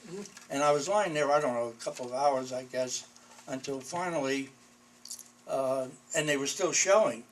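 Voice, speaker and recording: A man's voice: mid-range voice, moderate pace, slight background noise, low-quality recording. A man in his eighties, a war veteran, telling wry memories in a chuckling, anecdotal way. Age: 80s. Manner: chuckling, wry storyteller, often breaking into laughter. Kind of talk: anecdotal storytelling.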